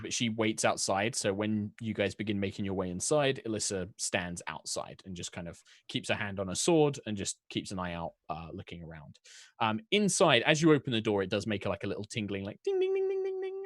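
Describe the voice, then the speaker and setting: A man's voice: on the low side, a bit bright, no room sound, clean studio sound. A man narrating a tabletop game as dungeon master, rambling, with many fillers and restarts.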